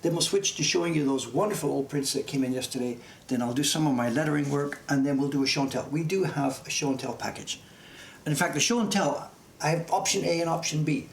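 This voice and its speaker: A man in his sixties with a Canadian accent and faint English traces chats on a live stream from his print workshop, his voice fairly high, fast and gravelly. He's chatty, enthusiastic and easily amused. The room is echoey, with background noise.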